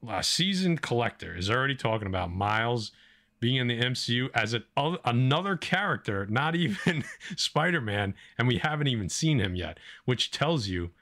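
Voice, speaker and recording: Laid-back low-voiced man chatting comics. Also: a bit bright. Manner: laid-back, rambling with fillers. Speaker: podcast co-host. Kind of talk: casual comic book chat.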